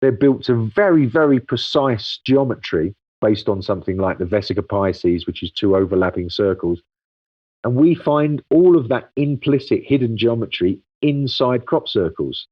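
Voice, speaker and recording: A man's voice: medium pitch, lively intonation, normal speed, dry recording, lo-fi sound. A man, a guest expert in a casual interview, explaining patiently at length with frequent ums and restarts.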